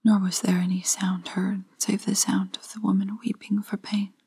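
A woman reads an old fairytale in a gentle whispered role-play meant for sleep. Her whisper is airy and breathy, slow and evenly level. The sound is close and dry, with no room in it. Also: mid-range voice, flat delivery, no echo. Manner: gentle, unhurried storybook reading. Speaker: storyteller.

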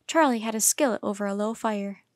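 A woman reading a children's chapter book aloud in a calm, measured way. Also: medium pitch, dry recording, studio quality. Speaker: storyteller.

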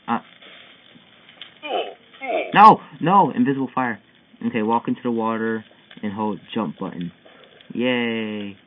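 A young man giving excitable, frustrated commentary while playing a parkour game, yelping at each failed jump. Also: lowish voice, normal speed. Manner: excitable, yelping and whining at failures. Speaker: gamer. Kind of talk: gameplay commentary. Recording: tinny phone-like mic with faint hiss.

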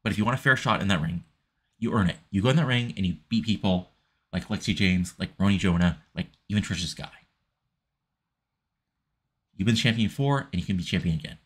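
A man's voice: low voice, fairly quick, pauses often, fairly bright tone, slightly rough. A man reading out the lines of a brash male wrestling TV executive in a salesy, lecturing tone.

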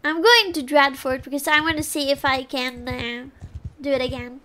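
A woman's voice: sits high, moderate pace, sharp tone. A woman streaming a game, chatting casually, laughing often and cheering or groaning at what happens on screen. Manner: giggly, laughs often between lines. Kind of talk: casual live gameplay chat. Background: faint background music.

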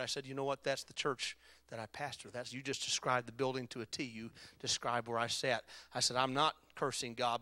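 A man preaching a sermon as pastor, swinging from loud exhortation to quiet personal storytelling. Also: mid-range voice, no echo. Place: church sanctuary.

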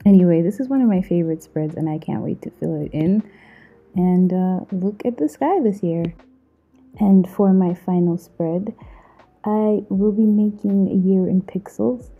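A woman's voice: medium pitch, slightly rough, soft background music. A woman from Zambia narrating her own vlog in a casual, playful, self-mocking way. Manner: playful, self-mocking, drawn-out slang asides. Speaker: vlogger. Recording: muffled phone-like mic.

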